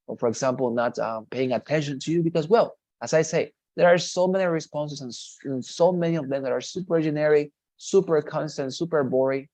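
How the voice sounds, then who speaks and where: A man teaching a TOEFL class online, with a relaxed, dark timbre. He explains with lively, animated intonation and leans on the phrase "as I say". The sound is dry and close, like a video call. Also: medium pitch, no room sound. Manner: animated, repeats "as I say", demonstrates intonation.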